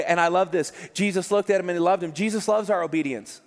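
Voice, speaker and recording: A man's voice: high-pitched, fast talker. A male pastor preaching a sermon with passion, often repeating words as he builds emphasis. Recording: long hall reverb.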